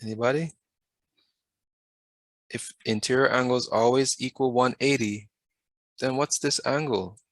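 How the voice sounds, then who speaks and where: A man's voice: medium pitch, steady tone, unhurried, pauses often, fairly bright tone, no echo. A man teaching a math class over a video, often stopping to put questions to the students and waiting for answers. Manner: asks the class questions, patient.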